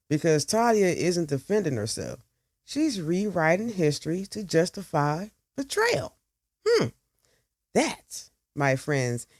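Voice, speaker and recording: Brief: woman host narrating a story, sassy and profane with asides, slow delivery, dry close sound. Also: low voice, darkish tone, no echo. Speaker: podcast host.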